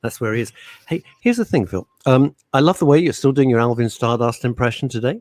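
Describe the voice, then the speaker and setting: A man's voice: mid-range voice, a little fast, no room sound. A middle-aged man co-hosting a radio talk show, teasing and opinionated, speaking into a studio microphone. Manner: brash, teasing, animated and opinionated.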